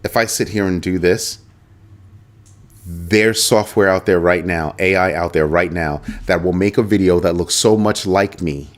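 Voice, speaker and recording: A middle-aged man hosting a casual livestream, animated and chatty, talking straight to his viewers and often repeating himself. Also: sits low, measured pace. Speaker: host of a crypto livestream.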